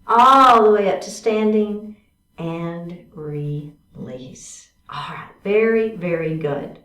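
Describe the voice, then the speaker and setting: A woman's voice: medium pitch, animated, measured pace, sharp tone. A woman teaching a chair yoga class, cueing each move step by step and checking in often with her students. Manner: encouraging, cueing moves step by step with frequent check-ins. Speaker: yoga instructor. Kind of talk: guided exercise class instruction. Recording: roomy sound from a distant mic.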